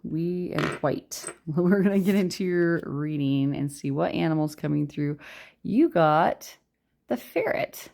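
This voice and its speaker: A woman's voice: low-pitched, a little slow, vocal fry, mellow. A woman giving a chatty pick-a-card tarot reading, tired and yawning, joking at her own slips and laughing often. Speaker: tarot reader.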